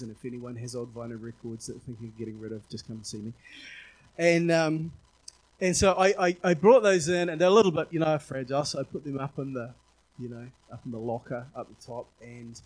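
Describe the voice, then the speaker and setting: A man's voice: medium pitch, slightly rough. A man from New Zealand with a New Zealand accent, a pastor telling a candid, rambling personal story in a sermon, full of fillers and restarts. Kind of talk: sermon anecdote.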